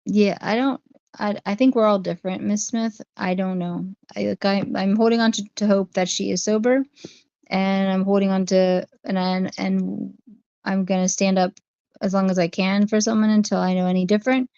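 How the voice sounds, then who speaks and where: A woman's voice: mid-range voice, steady tone, moderate pace, gravelly, warm tone, clean tone, dry recording. A woman hosting a casual livestream, talking through her viewers' chat comments one by one. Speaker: livestream host. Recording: dry, dull lo-fi stream audio.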